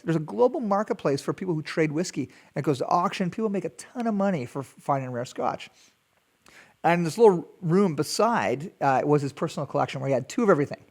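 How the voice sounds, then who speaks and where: A man hosting a podcast, telling a story in a chatty, animated way with small laughs. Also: a little high, vocal fry. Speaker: podcast host. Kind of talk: casual storytelling.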